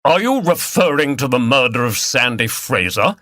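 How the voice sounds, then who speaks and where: A man's voice: mid-range voice, very animated, normal speed, pushed and bright, dry recording, studio quality. A man playing a haughty shooter who speaks with withering contempt. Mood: contemptuous.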